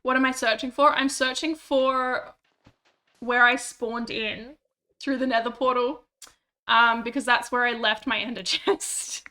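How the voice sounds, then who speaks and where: A woman's voice: a little high, steady tone, unhurried, pushed and bright. A woman streaming a game, chatting casually and mocking herself, swearing when annoyed. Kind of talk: casual gameplay chat.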